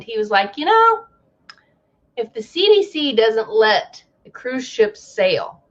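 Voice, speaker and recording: Brief: high-voiced woman vlogger, slow and expressive, acts out quotes with dramatic pauses. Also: lo-fi sound. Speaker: travel advisor vlogger. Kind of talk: casual monologue commentary.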